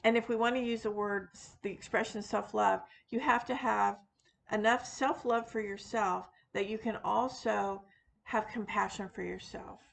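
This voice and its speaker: A woman's voice: mid-range voice, fairly even intonation, moderate pace, creaky. A woman talking casually to her viewers, rambling with many fillers and restarts and poking fun at herself. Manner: rambling, frequent fillers and restarts, self-deprecating. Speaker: witchcraft video host; teacher of classes. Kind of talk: casual unscripted monologue.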